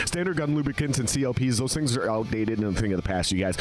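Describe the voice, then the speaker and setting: A man's voice: lowish voice, animated, fast talker, hardly any pauses, soft background music. A man hosting a podcast, joking and swearing as he reads an ad. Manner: crude, profane and joking. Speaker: podcast host. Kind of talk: casual podcast intro and read ad.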